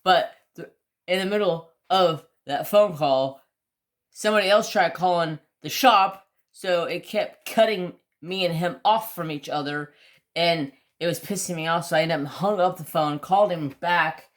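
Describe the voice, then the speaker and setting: A man's voice: on the high side, normal speed, a bit bright. A man hosting a casual craft vlog, rambling about his day and cooing baby talk at his pets. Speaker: craft channel host.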